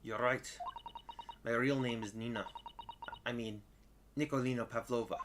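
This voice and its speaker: A man voicing a young Russian prima ballerina, timid and pleading, in a hesitant, breathy voice during a game playthrough. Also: mid-range voice, steady tone, moderate pace, noisy background, lightly acted. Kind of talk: let's play character reading.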